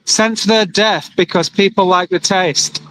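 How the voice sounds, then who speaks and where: Male livestreamer, higher pitch, earnest and emotional, outdoor phone stream by a road. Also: fairly even intonation, a little slow, pushed and bright, slight background noise, rough recording. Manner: earnest, emotional, talks to viewers and reads comments aloud. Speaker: livestreamer at an animal rights vigil. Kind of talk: live-streamed casual monologue. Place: outdoors by a roadside with passing trucks.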